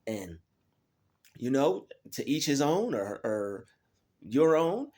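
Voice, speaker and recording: A man's voice: medium pitch, big pitch swings, takes it slowly, darkish tone. A man hosting his own channel, talking casually and preachily to his viewers, often repeating words as he searches for them. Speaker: YouTube channel host. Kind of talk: casual monologue to camera.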